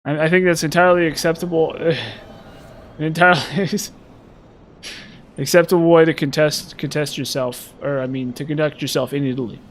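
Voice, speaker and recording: A man's voice: fairly high pitch, fairly even intonation, moderate pace, slight background noise. A man giving casual, rambling and sarcastic commentary while playing a video game. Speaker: gameplay commentator.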